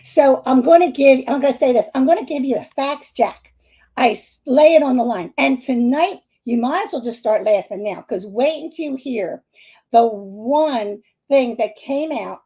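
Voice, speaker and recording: A middle-aged woman with a Philadelphia-area accent, hosting a live stream as a psychic medium and talking to her viewers in a chatty, animated way, laughing often. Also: high-pitched.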